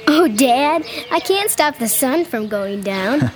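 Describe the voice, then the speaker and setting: A woman's voice: high voice, lively intonation, slow, soft background music. A woman voicing a young girl who is hurt and sulky with her brother, in a pouty, whiny child's voice, in a family audio drama.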